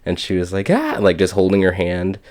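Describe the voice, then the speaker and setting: A man's voice: deep voice, monotone, brisk, crowd noise. A young man co-hosting a casual podcast, rambling with restarts and acting out what people said. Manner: rambling, restarts, acts out quotes. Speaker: podcast co-host. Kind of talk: casual chat.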